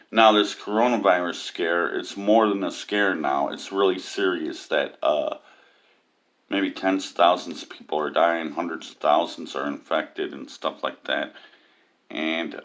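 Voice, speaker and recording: A man ranting to camera about religion, mocking, with many filler ums. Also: fairly bright tone. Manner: mocking, lots of ums, mimics others in high cries. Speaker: atheist vlogger.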